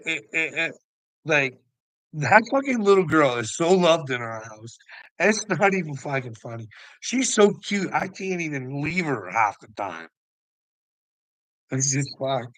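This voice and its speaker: Bright-voiced man, swearing and ranting, laughs a lot, very dry close sound. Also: fairly high pitch, no echo, low-quality recording. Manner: profane, heated, laughing between lines. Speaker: vlogger. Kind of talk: ranting monologue to camera.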